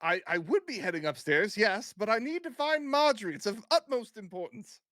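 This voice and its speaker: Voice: mid-range voice, expressive, brisk, a bit bright, no echo, studio quality, pitched above the performer's own voice, natural voice. A tabletop player voicing a fussy, pompous adventurer with formal, theatrical speech. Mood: haughty.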